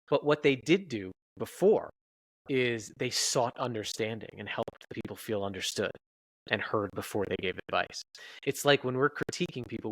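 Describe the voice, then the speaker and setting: Guy explaining his research on a podcast, earnest and steady, dry close sound. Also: mid-range voice, dry recording, low-quality recording. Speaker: leadership researcher guest. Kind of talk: podcast interview.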